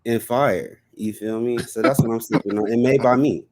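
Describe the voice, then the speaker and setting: A man's voice: medium pitch, steady tone, moderate pace, a little mellow. A man from San Diego, a podcast guest talking in a laid-back, slangy way. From San Diego, California. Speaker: guest, brewery founder. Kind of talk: casual chat.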